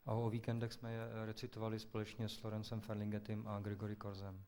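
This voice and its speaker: A man interpreting live on a theatre stage, quick and correcting himself as he goes. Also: on the low side, completely flat delivery, a little mellow. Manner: rapid, restarts and self-corrections.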